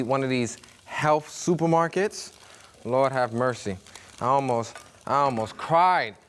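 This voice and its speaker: A man from Brooklyn with a Brooklyn accent, hosting a cooking demonstration in a chatty, joking way with food sizzling behind him. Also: mid-range voice. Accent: New York (Brooklyn). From Brooklyn, New York. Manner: chatty, jokey storyteller, acts out voices in anecdotes. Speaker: cooking show host. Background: food sizzling in a pan.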